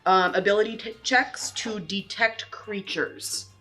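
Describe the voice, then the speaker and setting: A woman's voice: medium pitch, steady tone, a little slow, a bit bright, soft background music, rough recording. A woman player explaining her turn in a tabletop game, hesitant and full of ums and restarts.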